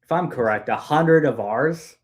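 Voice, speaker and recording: A man's voice: medium pitch, a little slow. Young man swapping loose, profane war stories. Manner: storytelling, heavy profanity, lots of "dude". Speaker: podcast guest. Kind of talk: casual chat.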